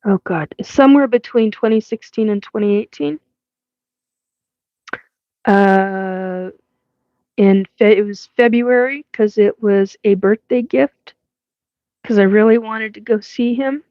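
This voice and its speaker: She is a livestream host in her fifties from Washington State, USA, whose West Coast accent comes through as she rambles casually with fillers and plenty of laughter. Her mid-range voice moves slowly with long pauses, in a dry recording with the highs cut off.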